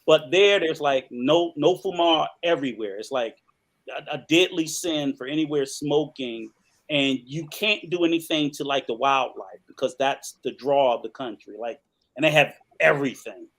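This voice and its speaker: A man's voice: fairly high pitch, moderate pace, a bit bright. A man hosting a casual chat show, talking loosely and swearing offhand as he rambles through his answers. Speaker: podcast host.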